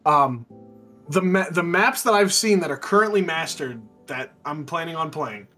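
High-voiced, rambling, self-mocking man. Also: lively intonation, moderate pace, pushed and bright, soft background music. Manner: rambling, self-mocking, laughs while telling stories. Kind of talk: casual gaming chat.

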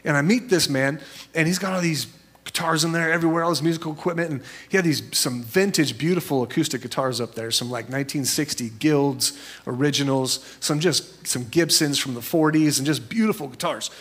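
A man preaching a sermon as a pastor, conversational and storytelling, jumping into high voices when he quotes people. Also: a little fast, fairly bright tone, breathy edge.

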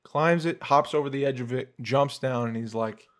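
A man hosting a podcast, telling a story in a casual, animated way with swearing and laughs. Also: medium pitch, normal speed. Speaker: podcast host. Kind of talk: casual chat.

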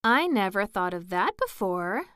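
A woman's voice: mid-range voice, very animated, a little slow, fairly bright tone, clean tone, dry recording, clean studio sound. A woman voicing Alice, a polite, curious young girl, in a storybook reading, speaking in a questioning way.

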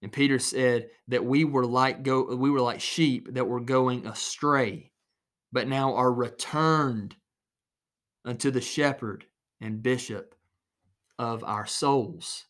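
A man's voice: mid-range voice, slow, a bit bright. A man preaching an earnest recorded sermon alone in his small office, repeating phrases for emphasis.

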